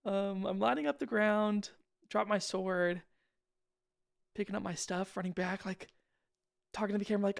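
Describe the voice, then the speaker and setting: A man's voice: high voice, fairly even intonation, moderate pace, vocal fry, long pauses. A young man giving casual, rambling commentary over his own game footage, slangy and self-deprecating. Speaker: gaming channel host.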